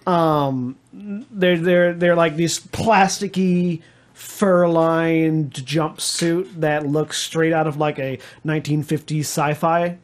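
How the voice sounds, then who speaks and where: A man's voice: a little high, fairly even intonation, slow. A man narrating a tabletop game as game master, rambling with many restarts.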